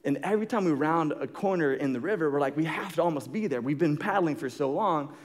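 A young adult man preaching, telling a story in a casual, animated way with lots of fillers. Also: on the high side, quick pace. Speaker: pastor. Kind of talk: sermon storytelling.

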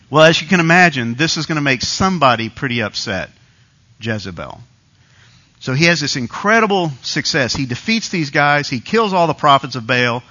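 A man's voice: medium pitch, pushed and bright, muffled recording. A man preaching a conversational sermon, retelling a story with quoted asides.

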